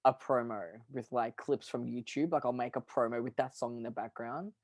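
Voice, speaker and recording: A young man co-hosting a podcast in casual chat, animated and theatrical, exaggerating for effect. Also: medium pitch, a little fast, dry recording, studio quality. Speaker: podcast co-host.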